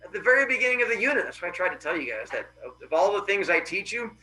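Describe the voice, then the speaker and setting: A male teacher tells a myth to his class with big, dramatic swings in his voice. His tone is high and bright, and his delivery is playful and animated. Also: fast talker, rough recording.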